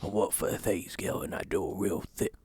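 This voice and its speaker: A man voicing a gruff male thief who whispers orders over comms, with a Cockney London accent and a gravelly whisper. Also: low voice, brisk, a little mellow, dry recording. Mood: conspiratorial.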